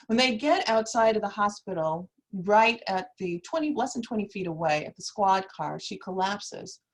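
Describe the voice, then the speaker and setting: A woman law professor speaking on a panel over a video call, telling a story in an earnest, measured way with emphatic quoted exchanges. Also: medium pitch, lively intonation, rough recording. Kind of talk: academic panel talk.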